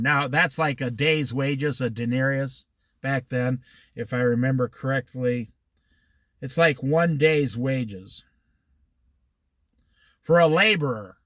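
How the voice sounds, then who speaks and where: A man's voice: medium pitch, takes it slowly, pauses often, fairly bright tone, dry recording, studio quality. A man from Iowa leading a casual Bible study outdoors by the ocean at dusk, talking in a folksy, rambling way and wandering into side stories.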